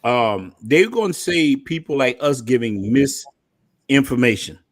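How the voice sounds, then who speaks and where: A man's voice: medium pitch, animated, unhurried. A man hosting a live stream, talking in loose, joking street slang. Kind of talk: casual live stream chat.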